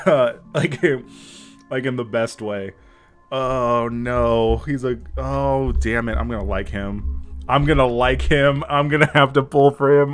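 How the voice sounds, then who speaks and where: A man in his thirties giving casual reaction commentary on a game, excitable, swearing and laughing often. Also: mid-range voice, measured pace, faint music behind. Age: 30s.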